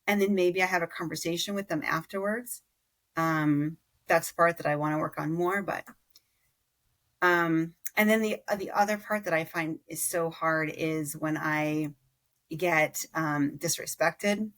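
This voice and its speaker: A woman in her thirties talks as a guest in a relaxed podcast conversation. Her voice sits low with a gravelly fry. She speaks reflectively, often stopping to correct herself mid-thought. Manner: reflective, halting, with frequent self-corrections. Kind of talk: casual conversational interview.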